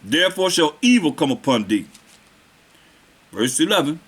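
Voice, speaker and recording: A man preaching from scripture with a voice that rises and falls widely, sitting a bit above the usual male range. He reads verses in slow, deliberate old-style phrasing and then puts them in plain street talk. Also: on the high side, very animated, fairly bright tone, husky. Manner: slows down to stress the verses. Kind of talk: scripture teaching.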